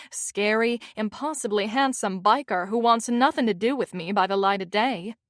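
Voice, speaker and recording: Young woman, Southern accent, romance audiobook narration, wry, higher pitch, dry close recording. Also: dry recording. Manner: wry, self-mocking.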